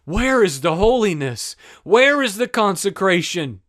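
A man preacher voicing an ancient male high priest who weeps and pleads in anguished questions. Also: very animated, measured pace, fairly bright tone, heavily acted. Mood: grieving.

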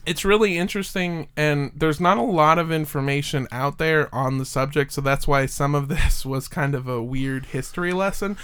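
Casual chatty podcast man, smooth voice. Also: fairly high pitch, normal speed, hardly any pauses, fairly bright tone. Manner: rambling with fillers, jokey. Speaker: podcast host. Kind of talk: casual chat, telling a story.

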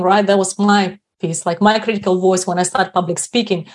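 A woman's voice: mid-range voice, steady tone, moderate pace, darkish tone. A woman guest on an interview show, explaining ideas in a reflective way and checking in with tag questions. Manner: frequent tag questions like "right?". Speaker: guest speaker on inner confidence.

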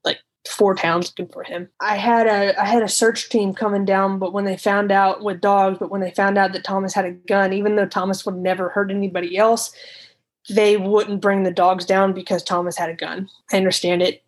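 A woman in a medium voice recounts a frightening night in her own words. She talks in an unscripted, halting way, restarting sentences and swearing at times. She retells whole conversations, slipping into what each person said. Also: mid-range voice, level tone, poor audio. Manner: retells conversations in quoted speech. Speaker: guest telling a personal story.

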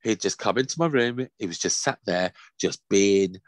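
A man's voice: on the low side, normal speed, dry recording. A man co-hosting a casual chat, telling stories in a crude, joking way. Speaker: podcast co-host.

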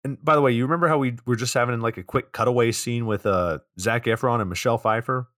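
A man's voice: medium pitch, fast talker, fairly bright tone, no echo, clean studio sound. A man co-hosting a podcast, casually summarizing a movie's plot scene by scene and swearing now and then. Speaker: podcast co-host. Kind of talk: casual movie recap chat.

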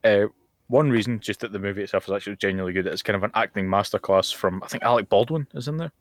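A man's voice: on the low side, very fast, dry recording. A man co-hosting a podcast over a voice call, with dry, opinionated quips. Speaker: podcast co-host. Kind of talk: casual chat over voice call. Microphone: voice call mic.

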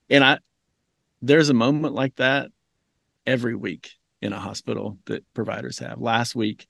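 A physician and teacher, a man, earnestly telling a reflective story in a conversation, pausing often with ums. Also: lowish voice, vocal fry, slightly rough, no echo, studio quality. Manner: earnest, thoughtful, with frequent ums and self-corrections. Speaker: physician and medical educator, podcast guest.

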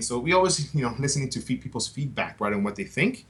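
A man's voice: mid-range voice, animated, quick pace. A man talking about his tours in a casual podcast chat, enthusiastic and chatty, often checking in with "right?". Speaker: tour company guest.

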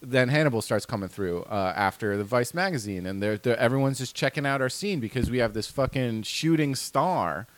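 A man's voice: mid-range voice, animated, brisk, hardly any pauses. A man, a comedian guest, reminiscing in casual podcast chat. He talks in a wry, reflective, rambling way. His voice sounds dry and close, with no room echo.

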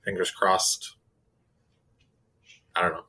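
A man with a slightly low, husky voice. He talks in an easygoing, halting way on a casual podcast chat. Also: level tone, bright, forceful tone, low-quality recording.

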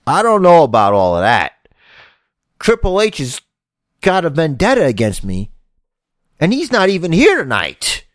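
A man playing a brash, cocky veteran male wrestler who talks loud and boastful, casually recorded on a podcast. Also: on the high side, wildly swooping pitch, normal speed, pauses often, no echo, clean studio sound, pitched above the performer's own voice. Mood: backpedaling.

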